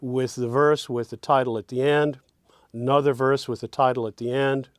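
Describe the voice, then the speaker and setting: A man teaching songwriting, thinking aloud as he drafts lyrics and quietly hums and sings the lines he is trying out. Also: medium pitch, flat delivery, moderate pace, no echo, studio quality.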